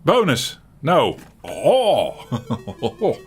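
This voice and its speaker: Speaking in a husky, mid-range voice that swings hugely in pitch and draws out its words, a retro gaming channel host comments casually on the game he's playing. He's a man with a Netherlands Dutch accent who rambles chattily, chuckling a lot and restarting often, over soft background music.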